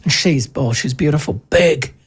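A middle-aged woman, hosting a radio talk show and telling a story in an animated, chatty way, often correcting herself mid-sentence. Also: low-pitched, husky. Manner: animated, chatty, self-interrupting with quick corrections.

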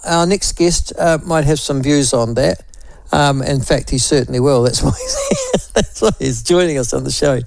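A man's voice: mid-range voice, a little mellow, no echo, rough recording. A man hosting talk radio, blunt and opinionated, rambling with many fillers and asides. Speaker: radio talk show host.

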